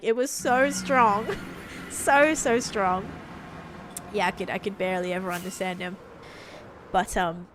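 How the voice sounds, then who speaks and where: A woman's voice: mid-range voice, a bit bright, slight background noise. Brief: a young Australian woman with an Americanized accent, talkative and rambling, casual stream chat. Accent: Australian, drifting toward American. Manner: chatty, rambling, many "like"s. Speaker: game streamer.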